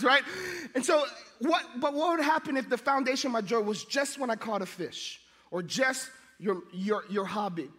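A man's voice: sits high, moderate pace, big-room sound. A middle-aged man preaching a sermon, telling funny stories and acting out the people in them. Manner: animated, jokey, acts out voices. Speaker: pastor. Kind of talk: sermon with storytelling.

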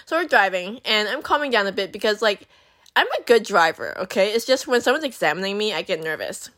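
A woman's voice: mid-range voice, a little fast. A young woman telling a story to camera in a casual, chatty way, swearing freely and using lots of fillers. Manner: profane, animated, chatty with many fillers. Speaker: vlogger.

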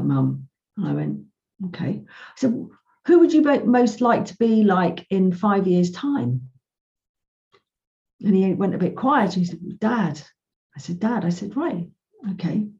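Captured in dull lo-fi sound, a woman with a fairly low pitch and darkish tone chats in a podcast interview. She's a financial coach who tells stories and voices both parties in every conversation she recounts.

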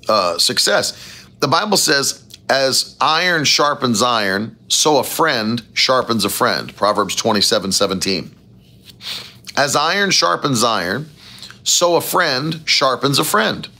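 A man preaching a sermon as pastor, with animated, emphatic rising phrases and a gravelly voice. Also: medium pitch.

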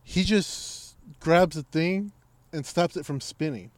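A man with a somewhat high voice tells a story in casual conversation. He swears constantly and acts out the voices of the people in it. The sound is dry and close. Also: takes it slowly, no room sound. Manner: profane, animated storytelling with acted-out quotes. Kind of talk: casual chat.

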